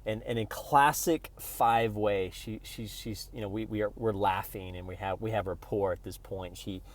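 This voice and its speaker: A vlogger from Oklahoma talks casually to the camera in a rambling, playful travel vlog full of restarts. His voice sits fairly low, with fairly even intonation, and he speaks at a normal speed.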